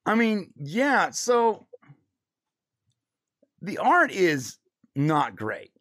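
On a live pop culture show, this co-host chats in an animated, casual way, with frequent restarts and laughter. His voice is high-pitched, and he draws out his words.

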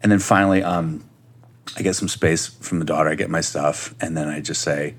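A man, a guest on a podcast, telling a personal story in a casual, animated way and acting out the voices he quotes. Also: a bass voice, a little fast.

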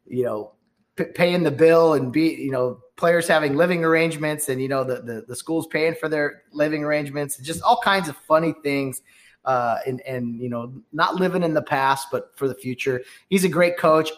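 A man's voice: fairly high pitch, normal speed. A man co-hosting a sports podcast in casual chat, rambling with frequent restarts and fillers.

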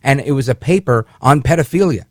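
A man's voice: mid-range voice, animated, a little fast, a little mellow, no echo, studio quality. A man hosting a syndicated talk radio show, delivering an indignant, rambling monologue with frequent restarts. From Puerto Rican heritage, raised in the northern US.

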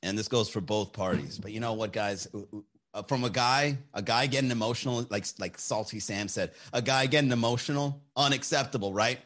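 A man's voice: medium pitch, fairly quick. A man hosting casual chat with his viewers, giving blunt, profane, opinionated dating advice. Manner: animated, shifts voice for quotes.

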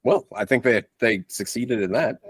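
A man co-hosting a movie podcast in casual chat, joking and teasing his co-host with quick laughs. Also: mid-range voice, breathy edge, dry recording.

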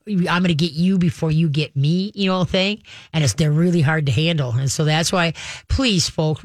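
A man hosting a call-in radio show, giving folksy, animated dog-training advice to callers. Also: on the high side, dry recording, studio quality. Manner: folksy, animated, acts out dogs and owners.

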